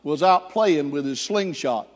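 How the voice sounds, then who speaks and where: A man's voice: on the high side, animated, unhurried. A male pastor telling a story and then preaching and praying in a sermon. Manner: storytelling, then fervent and prayerful. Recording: echoey hall.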